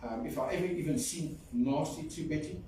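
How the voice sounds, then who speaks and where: A man's voice: on the high side, a little fast, dark tone. Man in an echoey hall. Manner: fond storytelling, sings a folk song. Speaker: son giving a eulogy. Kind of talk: funeral eulogy. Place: large echoey hall at a funeral. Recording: echoey hall from far off, faint noise.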